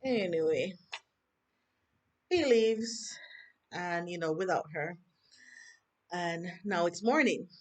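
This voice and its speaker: A woman's voice: on the low side, takes it slowly, long pauses. A woman with a Jamaican accent reviews a TV episode in a casual chat, talking animatedly with swooping emphasis and lots of rhetorical questions, recorded on a handheld phone. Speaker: TV review vlogger.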